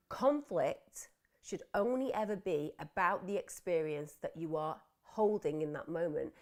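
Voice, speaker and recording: A woman's voice: lowish voice, gravelly. A middle-aged woman hosting a live mental health talk, explaining earnestly and voicing inner thoughts in quotes. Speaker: psychotherapist host of a live wellbeing Q&A.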